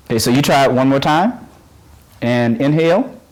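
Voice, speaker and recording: Patient, encouraging male voice teacher. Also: medium pitch. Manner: patient, encouraging, demonstrates exercises; halting, restarts phrases often. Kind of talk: on-camera voice lesson.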